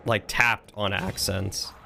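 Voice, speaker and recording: A man's voice: lowish voice, flat delivery, takes it slowly, vocal fry, background noise. A man casually thinking aloud while streaming a strategy game, chatting with and thanking his viewers. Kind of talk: casual live-stream commentary.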